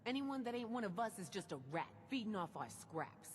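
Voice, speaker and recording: A woman's voice: medium pitch, expressive, a little fast, close to an everyday voice. An actress voicing a tough, scornful woman gang leader in coarse, defiant video game dialogue.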